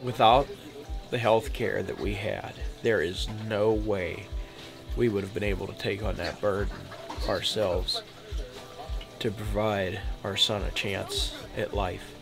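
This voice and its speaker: A man, a union member and father, speaking in a documentary interview in a measured, heartfelt way. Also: on the low side, steady tone, vocal fry, music in the background.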